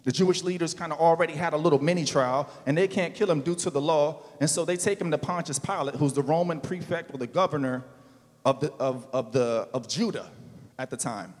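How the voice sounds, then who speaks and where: A male pastor preaching a sermon in a casual, slangy way, building to loud, emphatic calls. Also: on the high side, fairly quick, big-room sound.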